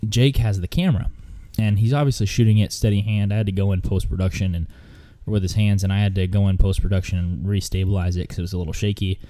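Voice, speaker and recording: A man's voice: sits low, fairly even intonation, fast, mellow. A man recounting a hunting trip in casual, rambling storytelling with lots of fillers and restarts.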